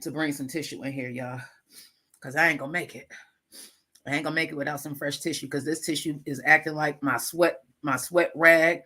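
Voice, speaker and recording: A middle-aged woman hosting a casual live chat with her viewers, congested and clearing her throat, animated and calling them y'all. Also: low-pitched, a little fast. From Lackawanna, New York, USA. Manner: chatty, animated, laughing asides, calls audience y'all. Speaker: livestream host.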